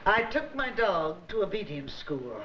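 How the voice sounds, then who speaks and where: A woman's voice: mid-range voice, very animated, a little slow, crowd noise. An actress playing a fussy, self-important older woman who thinks she is a great interpreter, with an affected, theatrical delivery. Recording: echoey old TV audio, dull and hissy.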